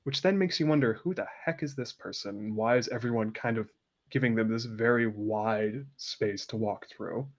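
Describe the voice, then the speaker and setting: A man running a tabletop game, painting scenes in a loose, amused, chatty way. His voice sits in an ordinary middle pitch. The recording is dull and lo-fi. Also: moderate pace. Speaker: game master. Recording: dull lo-fi sound.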